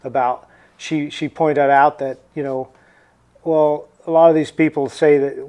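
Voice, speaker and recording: A man's voice: on the high side, little pitch movement, measured pace, a little mellow, smooth. A man with a Midwestern American accent, a farmer guesting on a talk show, speaking earnestly and emphatically. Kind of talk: casual political chat.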